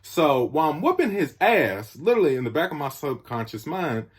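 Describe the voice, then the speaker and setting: Young male storyteller, husky, a fairly high voice that moves a lot, acts out the scenes. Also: fairly quick. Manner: animated, acts out quotes with sound effects. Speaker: comedian telling a story. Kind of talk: casual storytelling.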